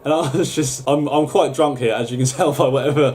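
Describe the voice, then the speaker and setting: A man's voice: mid-range voice, quick pace, hardly any pauses, a little mellow, a little hiss or hum. A young man chatting casually, rambling and swearing now and then. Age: young adult. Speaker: YouTuber. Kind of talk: casual chat.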